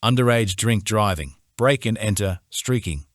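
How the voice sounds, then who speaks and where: A man's voice: on the low side, moderate pace, no room sound, clean studio sound, lightly acted. A man voicing a cool, unbothered young man. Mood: casual, unfazed. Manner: casual, calm, unfazed.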